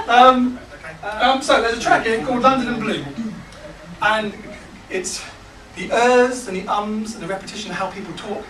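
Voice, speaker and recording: High-voiced man leading a workshop, echoey. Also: recorded from a distance. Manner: relaxed, halting, many ums and restarts. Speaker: songwriting workshop leader. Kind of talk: teaching a group workshop. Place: large hall with a small group. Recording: echoey room, picked up from afar, noisy.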